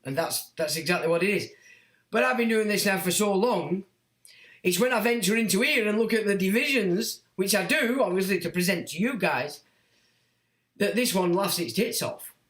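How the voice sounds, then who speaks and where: Blunt, animated man. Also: high-pitched, normal speed, echoey room. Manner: blunt, animated, mocks whiners in put-on voices. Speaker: livestream host reading chat comments. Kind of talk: casual livestream monologue.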